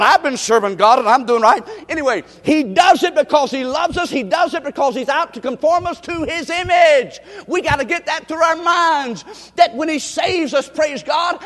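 A male pastor preaches in a very high voice, exhorting his congregation with rhetorical questions and calls for them to answer. His voice rings out with the long reverb of a large church sanctuary. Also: a bit bright. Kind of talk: sermon.

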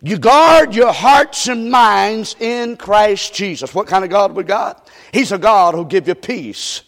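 A man preaching a sermon, fervent and repetitive, calling out to the congregation and often shouting. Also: high voice, expressive, slow pace. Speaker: pastor. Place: church sanctuary. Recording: long reverb of a church hall.

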